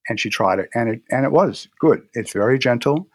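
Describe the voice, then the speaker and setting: A man speaking as an interview guest, telling stories in a relaxed way with frequent restarts and pauses. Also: medium pitch, no echo, clean studio sound. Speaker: guest, herbal medicine practitioner. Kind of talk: casual interview talk.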